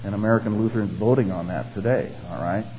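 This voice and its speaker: A man's voice: on the low side, quick pace, mellow, highs cut off, slight background noise. A man preaching a sermon in a conversational teaching manner, asking the congregation questions and tagging his points with "all right?" and "okay?". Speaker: pastor.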